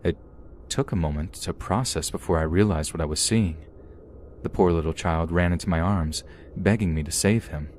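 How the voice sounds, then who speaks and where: Deep-voiced man narrating a horror story. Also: normal speed, a little mellow, a little hiss or hum. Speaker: podcast narrator.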